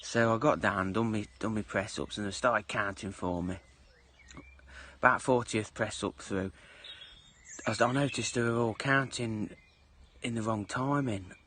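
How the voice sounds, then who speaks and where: Casting: man, low voice, blunt storyteller, faint birds outdoors behind. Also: unhurried, a bit bright, a little hiss or hum. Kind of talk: casual anecdote.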